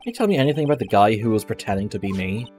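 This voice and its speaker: A man's voice: on the low side, big pitch swings, racing, a little mellow, faint music behind. A man voicing a flustered young defense lawyer who makes dry, sarcastic remarks, reading game dialogue.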